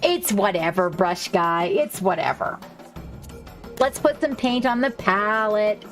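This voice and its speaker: A woman's voice: medium pitch, lively intonation, slow, fairly bright tone, soft background music. A woman from Hawaii chatting casually with her stream viewers while she paints, rambling, swearing and joking.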